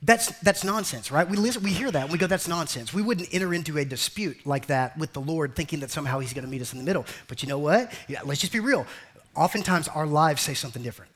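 Lively, bright-voiced preacher man. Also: fast. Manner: animated preaching, acting out a grumbling believer in a higher voice; addresses congregation as family and beloved. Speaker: pastor. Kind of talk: sermon.

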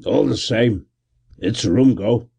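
A man voicing a gruff male police constable who grumbles and growls. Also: medium pitch, measured pace, warm tone. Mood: grudging.

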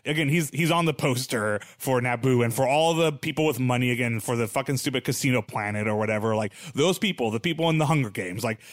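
A man's voice: mid-range voice, quick pace, few pauses, no room sound, clean studio sound. A man co-hosting a casual brainstorming chat, rambling, swearing and restarting his sentences. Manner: rambling, profane, restarts often.

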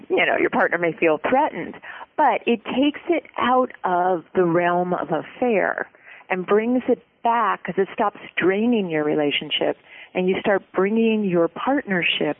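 A guest expert giving relationship advice in an interview, explaining in an earnest, steady way. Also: medium pitch, no room sound. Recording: tinny phone-like line.

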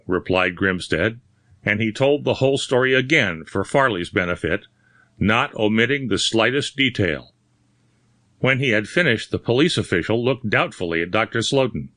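Man, audiobook narration, steady measured reading, bright tone, dry close mic. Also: on the low side, no echo.

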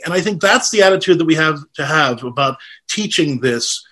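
A man's voice: fairly high pitch, animated, moderate pace, a bit bright. Earnest man giving a Catholic talk. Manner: earnest, conversational, many restarts. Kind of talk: informal lecture with Q&A.

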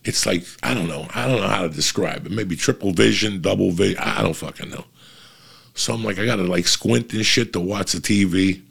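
A man's voice: low-pitched, fairly quick, gravelly, fairly bright tone, breathy edge. A man hosting his podcast, telling a rambling story in casual chat and swearing constantly. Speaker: podcast host.

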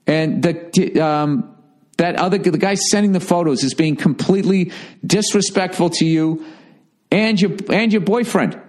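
A man's voice: sits high, measured pace, darkish tone. A middle-aged man hosting a show, answering listener letters in a blunt, rambling, heavily profane way. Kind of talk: casual advice rant.

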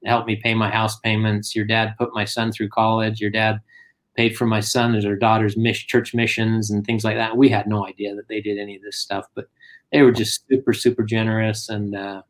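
A man's voice: lowish voice, a little fast. A middle-aged man telling family stories in casual conversation, acting out what people said. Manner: animated anecdotes, acts out quotes. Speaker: guest. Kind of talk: casual storytelling.

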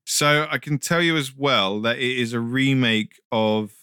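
A man's voice: medium pitch, measured pace, pushed and bright, clean tone, no room sound, studio quality. A man co-hosting a casual chat, reading reviews aloud and rambling with many fillers. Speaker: podcast co-host.

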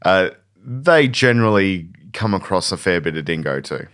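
A man's voice: sits low, expressive, moderate pace, fairly bright tone. A man co-hosting a podcast, chatting in a rambling, hesitant way. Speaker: podcast co-host. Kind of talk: casual chat.

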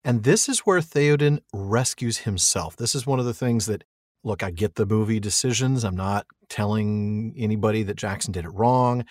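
A man's voice: on the low side, moderate pace, darkish tone, dry recording, clean studio sound. Laughing, chatty man on a podcast. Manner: chatty and laughing, retells the plot with wry jokes. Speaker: podcast co-host. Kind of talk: casual chat.

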